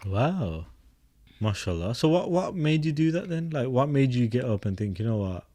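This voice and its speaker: A woman's voice: a bass voice, very animated, moderate pace, warm tone. A woman hosting a casual interview in a laid-back way, full of slang. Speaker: podcast host.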